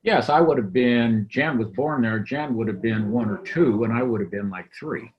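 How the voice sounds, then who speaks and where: A man's voice: medium pitch, moderate pace. A man in his seventies from the United States, recalling his family's past in an oral history interview, in a rambling, reflective way. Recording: dull lo-fi sound.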